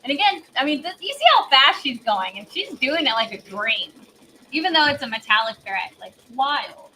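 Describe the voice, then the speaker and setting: A woman leads a casual live embroidery demo in a high, sing-song, sharp voice at a moderate pace, chatty and effusive with plenty of laughs. Congested, she explains she's on cold medicine. The audio is poor, with a faint hiss or hum.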